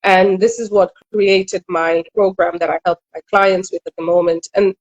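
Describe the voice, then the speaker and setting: A muffled recording captures a middle-aged woman from Kenya, a relationship coach, speaking frankly and reflectively in an interview. Her mid-range voice stays steady, and she comes across as earnest, dropping in quick asides.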